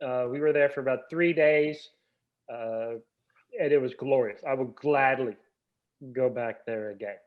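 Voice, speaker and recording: A man's voice: mid-range voice, a little slow, phone-quality sound. Self-deprecating man on a call. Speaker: podcast guest. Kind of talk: casual chat, anecdotes. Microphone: video call.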